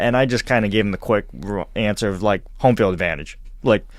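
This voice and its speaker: A lower-voiced man hosting a casual podcast, talking close to the mic in a dry, dead room. He rambles animatedly through his stories and often restarts his sentences. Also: brisk, few pauses, no room sound. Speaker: podcast host. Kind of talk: casual chat.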